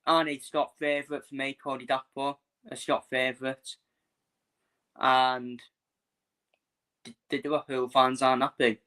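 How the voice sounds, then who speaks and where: A man's voice: medium pitch, level tone, unhurried, pauses often, bright, forceful tone. A man hosting a live football watchalong, chatting bluntly and casually, swearing freely and repeating himself.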